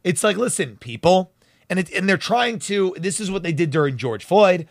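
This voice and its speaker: A man's voice: high voice, animated, moderate pace, vocal fry, no echo, clean studio sound. A man hosting a talk show, delivering fiery, emphatic and sarcastic political commentary.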